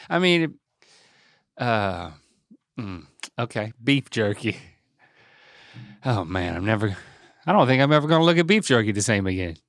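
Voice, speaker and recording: Middle-aged man, very lively pitch, slow pace, dry close mic, laughing reactions. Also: gravelly, no room sound. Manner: animated, laughing, mock-exasperated reactions. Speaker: podcast host. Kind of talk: casual podcast chat.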